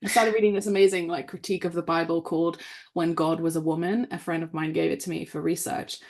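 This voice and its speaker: A woman, an author appearing as a guest, chatting casually on a podcast in an animated, rambling way with plenty of fillers. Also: fairly low pitch, fast.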